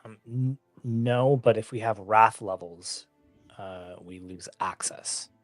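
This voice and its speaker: A man's voice: lowish voice, slow pace, soft background music. A young man playing a tabletop game, casually checking rules and steering the group's choices. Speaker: player. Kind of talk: casual tabletop play chat.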